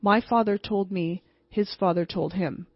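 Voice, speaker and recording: A woman voicing an irritable older male village mayor who talks in a shrill, complaining way. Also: fairly even intonation, measured pace, breathy edge, dry recording, dull audio. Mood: storytelling.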